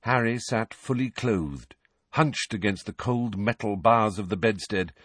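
A male audiobook narrator with a lowish, husky voice and animated, expressive delivery. The recording is dry and close-miked, with no room sound. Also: unhurried, no room sound. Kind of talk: scripted narration.

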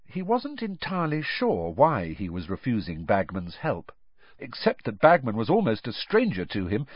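A man reading an audiobook aloud as an expressive storyteller. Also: medium pitch, slightly rough, dry recording, lo-fi sound. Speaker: audiobook narrator. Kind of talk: scripted narration.

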